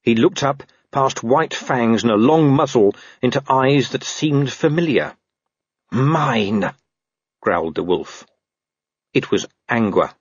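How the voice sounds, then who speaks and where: Lively, husky male audiobook narrator. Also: medium pitch, unhurried, hardly any pauses, dry recording, dull audio. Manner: lively, wry storytelling. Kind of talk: scripted narration of a comic fantasy novel.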